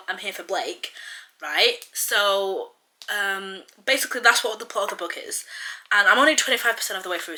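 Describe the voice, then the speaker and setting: A chatty young woman rambles about her current read, her voice sharp and tense at the top. She sits a little low for a woman, and her talk is loose and full of filler words. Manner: chatty, lots of "like" fillers, gushing. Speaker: book vlogger. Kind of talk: casual reading vlog chat.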